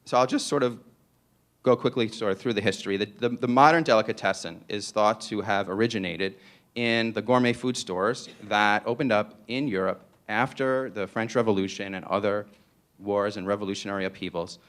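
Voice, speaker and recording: Lower-voiced man with a New York accent, lecturing playfully. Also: a little fast, a bit bright. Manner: playful, digressive, peppered with rhetorical "right?". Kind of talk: public lecture.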